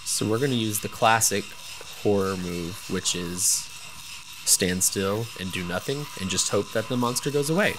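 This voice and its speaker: A man's voice: on the low side, normal speed, noisy background. A young man hosting a gameplay video, chatting casually with many ums and you-knows.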